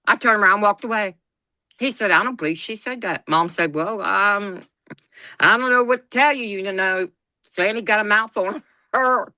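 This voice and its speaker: A woman's voice: mid-range voice, normal speed, sharp tone, no room sound. A woman co-hosting a podcast, telling a family story in a folksy, blunt way. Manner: folksy, blunt, laughs through her stories. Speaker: podcast co-host. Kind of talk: casual storytelling chat.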